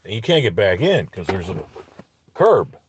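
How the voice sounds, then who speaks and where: A man's voice: sits low, very animated, moderate pace, lo-fi sound, a little hiss or hum. A man telling a story in a profane, angry, rambling rant from inside a parked car. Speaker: vlogger. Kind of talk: ranting storytelling vlog.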